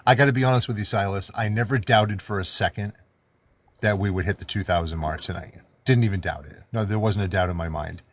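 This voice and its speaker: Male host, low register, upbeat auctioneer energy on a video call. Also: brisk, no room sound. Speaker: livestream host. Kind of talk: casual live auction chat.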